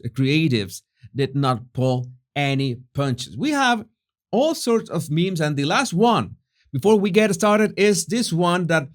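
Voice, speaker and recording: A man hosting a commentary vlog, animated and chatty, with frequent fillers and restarts. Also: a little high. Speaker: host.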